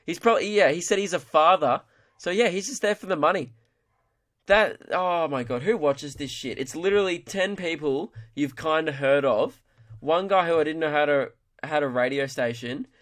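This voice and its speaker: Ranting man, slightly high voice. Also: fairly bright tone. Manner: exasperated, ranting, sweary, mimics people in quick voices. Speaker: comedian podcast host. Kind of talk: ranting comedy podcast monologue.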